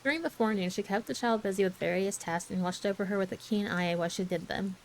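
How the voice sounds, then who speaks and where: A woman reads a classic novel aloud as a soft ASMR bedtime story. Her narration is gentle and soft-spoken. Her pitch sits in a woman's middle range. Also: fast talker, slight background noise, low-quality recording.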